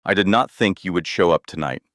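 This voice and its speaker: A man's voice: low-pitched, brisk, fairly bright tone, no room sound, studio quality. A man voicing a guilty executive whose voice is strained and shaky. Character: panicking, guilty male executive.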